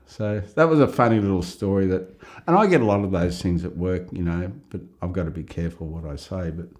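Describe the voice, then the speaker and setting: A middle-aged Australian man telling a rambling, lively story in a casual interview. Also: low-pitched, fairly quick. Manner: rambling, animated, laughs at own story. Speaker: interviewee, psychiatric ward worker.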